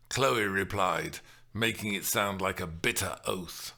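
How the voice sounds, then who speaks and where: A man narrating an audiobook novel in a measured, expressive way. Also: low-pitched, creaky.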